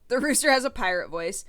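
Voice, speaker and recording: A woman chatting casually with her stream while she plays, self-deprecating and quick to laugh. Her voice is bright and clear. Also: medium pitch. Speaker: game streamer. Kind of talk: casual live-stream chat while playing.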